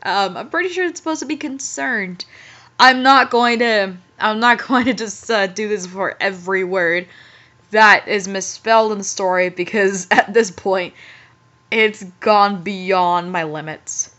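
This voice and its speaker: A woman's voice: medium pitch, unhurried, a bit bright. A young woman reading a badly written story aloud with incredulous, giggly, exasperated commentary. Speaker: host, fanfiction reader. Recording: muffled lo-fi audio.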